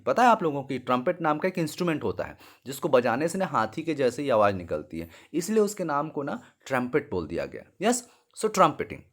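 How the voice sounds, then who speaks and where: Lively Indian English teacher for kids. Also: male voice, mid-range voice. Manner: slow, repetitive explaining, mixing in Hindi; apologises and corrects himself mid-lesson. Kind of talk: online classroom lesson for young children.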